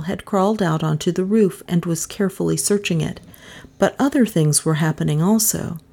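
Woman, audiobook narrator, dramatic expressive reading, lower pitch. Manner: expressive, rising pitch at tense moments.

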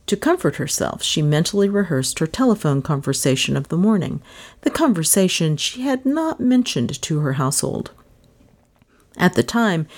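Casting: woman audiobook narrator, expressive and suspenseful, lively pitch. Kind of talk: scripted narration.

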